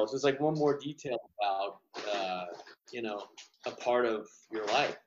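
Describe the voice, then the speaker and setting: A man's voice: mid-range voice, normal speed, noisy background. Reflective man on a roomy lo-fi line. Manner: reflective, peppered with "you know". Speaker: filmmaker guest. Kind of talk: casual interview chat.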